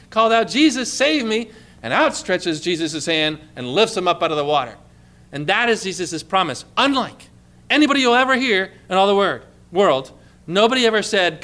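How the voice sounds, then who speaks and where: A man's voice: high-pitched, sharp tone. A male pastor preaching a sermon, quoting scripture with mounting, emphatic fervor.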